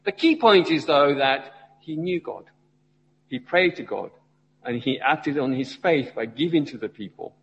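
Lively-voiced man preaching in a church. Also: medium pitch, a little slow, gravelly, slightly rough, long reverb tail, dull audio. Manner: asks the congregation questions, rising and falling emphasis. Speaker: lay preacher. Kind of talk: sermon.

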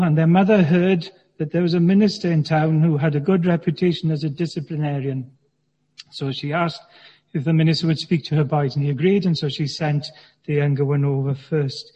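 Male minister, measured sermon with dry humor; muffled, lo-fi church recording with a long echo. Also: fairly high pitch. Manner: measured, gently humorous preaching. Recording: dull sound with long church reverb.

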